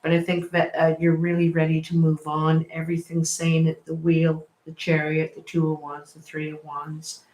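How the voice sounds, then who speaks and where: A woman giving a casual tarot reading, chatty and quick to laugh and apologize, recorded at home. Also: low voice, completely flat delivery, a little mellow. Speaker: tarot reader. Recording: echoey room.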